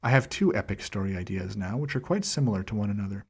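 A man reads a journal aloud in the first person at an even, measured pace, and he slows down on each date. His voice sits fairly low and has a husky, breathy grain. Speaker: channel host reading a document aloud.

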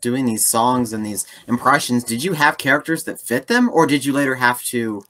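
A man's voice: medium pitch, lively intonation, moderate pace, a bit bright. A male host asking questions eagerly and enthusiastically in a casual video-call interview.

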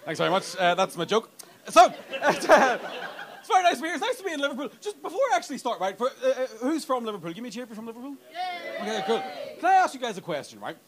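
A man in his thirties with a Northern Irish accent doing a stand-up comedy set, talking animatedly, swearing freely and bursting into loud mimicked voices. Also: very high-pitched, very animated, quick pace, a crowd in the background. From Northern Ireland. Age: 30s. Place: comedy club stage.

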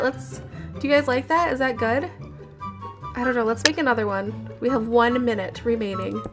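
A woman commentating as she builds in a game, chatty, nervous and giggly as she talks to her viewers. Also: a little high. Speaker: gamer. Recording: game audio with background music. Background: background music.

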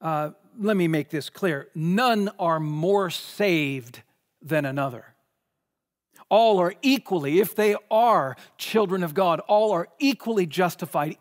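A man's voice: high voice, big-room sound. A man preaching a sermon in a church, speaking emphatically and repeating words when he presses a point. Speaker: pastor. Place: church sanctuary.

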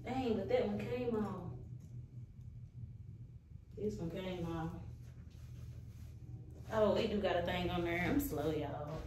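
Casting: an aggravated woman vlogger with a low voice, recorded from a distance with noise in the background. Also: takes it slowly, pauses often. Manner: chatty, talks straight to viewers, swears casually. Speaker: nail technician vlogger. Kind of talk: casual vlog chat. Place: small nail salon room, indoors. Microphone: camera set down at a distance, no tripod. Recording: echoey room, distant mic, background noise.

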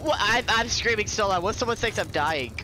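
A man casually commenting on his own gameplay, excitable and prone to sudden loud yelling and laughter. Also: high voice, quick pace, noisy background. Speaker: gaming video creator.

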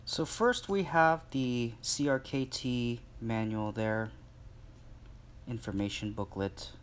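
A man's voice: mid-range voice, slow. A man in a casual vlog, chatting to his viewers with lots of fillers while he unboxes something at home. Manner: chatty, filler-heavy, addresses viewers directly. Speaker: vlogger.

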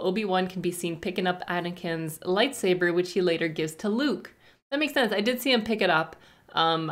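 A young woman hosting a movie reaction, chatting casually and reading trivia in a gushing, rambling way. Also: fairly low pitch.

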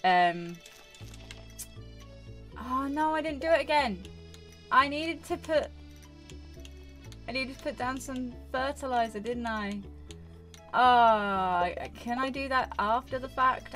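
A woman's voice: fairly high pitch, measured pace, long pauses, fairly bright tone. Chatty woman rambling over game music. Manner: chatty, self-chiding, rambling with many fillers. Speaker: gaming YouTuber. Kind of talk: casual gameplay commentary.

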